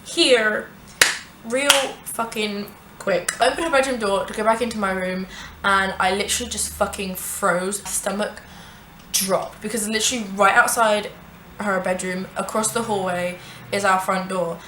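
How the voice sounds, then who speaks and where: A young woman telling a storytime vlog, animated and sweary, with many "like" fillers. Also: medium pitch, moderate pace, a little hiss or hum. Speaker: vlogger. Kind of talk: casual storytime narration. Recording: echoey room.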